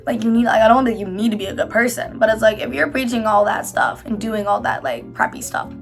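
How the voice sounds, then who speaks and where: Rambling young woman, higher voice. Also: fast, creaky, faint music behind. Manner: rambling, filler-heavy, self-reassuring; doing her makeup while talking. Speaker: YouTuber. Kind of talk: casual confessional chat to camera.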